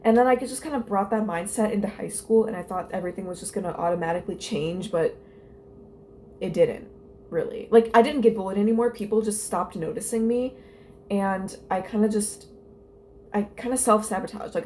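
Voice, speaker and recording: A woman's voice: medium pitch, warm tone, a little hiss or hum. A young woman telling stories and reading her old journal aloud in a casual vlog. She is candid and self-mocking, and her talk rambles with lots of "like" fillers. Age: young adult. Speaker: vlogger.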